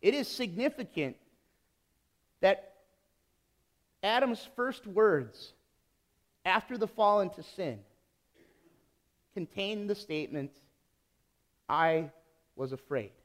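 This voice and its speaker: A man preaching a sermon as pastor, emphatic and deliberate, building on repeated phrases. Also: sits high, lively intonation.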